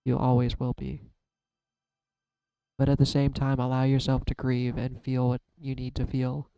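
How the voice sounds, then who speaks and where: This card-reading YouTuber talks emotionally to camera, trying not to cry while he hunts for words, trails off, and begins again. His mid-range voice is mellow and smooth, with vocal fry and a completely flat delivery at normal speed. The audio is dry and low quality.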